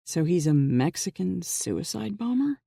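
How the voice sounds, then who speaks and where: A narrator voicing Jack, a weary man investigator who talks low and hushed in disbelief, in an audiobook reading. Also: big pitch swings, a little slow, vocal fry, breathy edge, no echo, clean studio sound, heavily acted.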